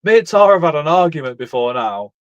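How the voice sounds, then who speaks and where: A man's voice: fairly high pitch, very animated, fast, dry recording, muffled recording. A middle-aged man, chatting casually on a live stream and telling stories full of swearing and laughter. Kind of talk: casual chat.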